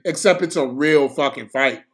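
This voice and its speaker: A young man giving casual, slangy live commentary on a boxing match for his stream, excitable and prone to bursts of shouting. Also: mid-range voice, moderate pace.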